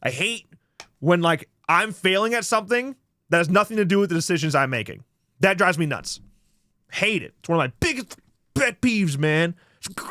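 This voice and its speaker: A man hosting a casual livestream, ranting profanely about a failed stream, swinging from mutters to shouts. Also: high-pitched, expressive, normal speed, no echo. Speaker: livestream host.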